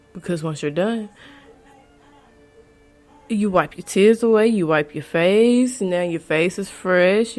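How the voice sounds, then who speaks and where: A woman hosting a podcast who gives frank, casual advice in a rambling way, with profanity and frequent restarts. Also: on the low side. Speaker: podcast host.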